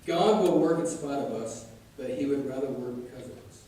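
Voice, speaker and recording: A man preaches in a big, echoing church sanctuary. He tells jokey stories and breaks into loud quoted shouts, and his pitch rises and falls constantly. His voice is picked up from some distance. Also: expressive, a little fast. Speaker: pastor. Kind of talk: sermon. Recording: echoey church room from a distance.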